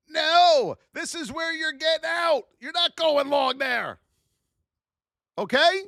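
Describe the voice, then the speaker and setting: High, lively woman scolding traders. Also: dry recording, clean studio sound. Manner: animated, scolding, exclamatory. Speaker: trading educator. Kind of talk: live-streamed trading lesson.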